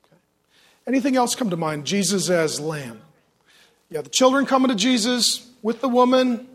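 Guy preaching, high voice, super animated, jokes and quizzes the crowd. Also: moderate pace. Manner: lively, joking preacher who asks the audience questions. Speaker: pastor. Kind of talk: sermon.

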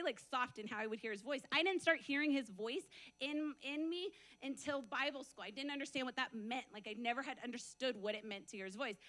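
A woman delivering a sermon testimony in a high-pitched voice. Her tone is bright and sharp. She tells it as a lively story, breaks into frequent laughs and acts out the dialogue. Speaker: preacher giving a testimony.

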